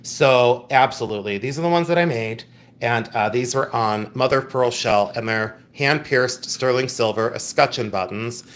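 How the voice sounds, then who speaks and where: A man's voice: mid-range voice, normal speed, a bit bright. A middle-aged man hosting a casual livestream from home, chatty and playful, reading viewer comments aloud. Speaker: livestream host.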